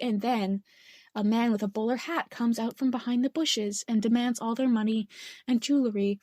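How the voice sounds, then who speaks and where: Female podcast co-host, high pitch, dry mic; rambling casual recap. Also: fairly even intonation, a little mellow, no room sound. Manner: rambling, acts out lines in quick voices. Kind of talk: casual chat recapping a film.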